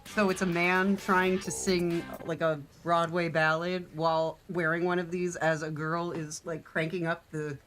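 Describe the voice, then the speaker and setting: A woman's voice: lowish voice, level tone, a little slow, few pauses, a bit bright, faint music behind. A young woman joining a live stream, chatting playfully and giggling. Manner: giggly, playful, sings silly noises. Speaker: co-host guest. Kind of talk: casual live-stream chat.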